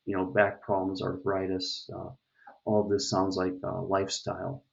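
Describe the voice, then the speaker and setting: A man's voice: low-pitched, completely flat delivery, moderate pace, vocal fry. A middle-aged man from the United States giving a casual opinion monologue, rambling with many fillers and restarts. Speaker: vlogger. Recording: dull lo-fi recording.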